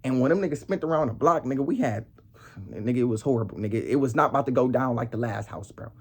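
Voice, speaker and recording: A man's voice: medium pitch, fast, slightly rough. A young man vlogging a heated, casual story in street slang, ending lines with "bro" and "nigga".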